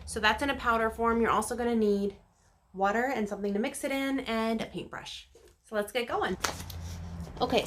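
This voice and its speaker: A woman's voice: mid-range voice, background noise. A woman hosting her own DIY channel, talking viewers through a craft project step by step in a casual, friendly way. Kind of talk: casual how-to narration.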